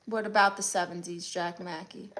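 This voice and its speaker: Sassy Brooklyn woman with a bright voice. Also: lowish voice, steady tone, slight background noise. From Brooklyn, New York. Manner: sassy, blunt, quick comebacks. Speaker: comedian hosting a live stream. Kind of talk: live stream, reading out chat comments.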